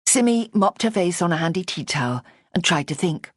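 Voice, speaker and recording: A woman reading a mystery audiobook with a measured, even delivery. Her voice is on the low side, and the studio sound is dry and close. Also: slightly rough, no echo. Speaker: audiobook narrator. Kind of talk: scripted narration.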